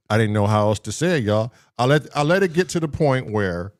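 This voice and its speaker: A man's voice: mid-range voice, brisk. A man co-hosting a podcast, telling a childhood story in casual chat, laughing and acting out the voices in it. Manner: animated, laughing, acts out voices in his story. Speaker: podcast co-host.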